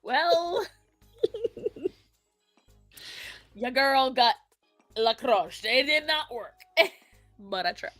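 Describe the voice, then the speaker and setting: A woman streamer chatting casually about games, animated and dramatic, laughing and swearing often. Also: high voice, extremely slow, long pauses, faint music behind. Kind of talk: casual gaming chat.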